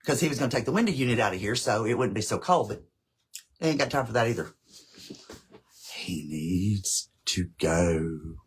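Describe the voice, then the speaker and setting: A man's voice: fairly low pitch, animated, moderate pace, slightly rough, low-quality recording. Chatty man. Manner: chatty, rambling, talks straight to viewers. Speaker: craft livestream host. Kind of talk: casual livestream craft tutorial.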